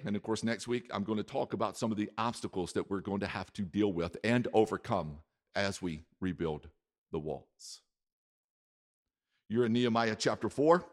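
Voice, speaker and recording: A pastor preaching a sermon, emphatic and repeating his key words, with volume that swings from soft to loud. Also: on the low side. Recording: echoey hall reverb.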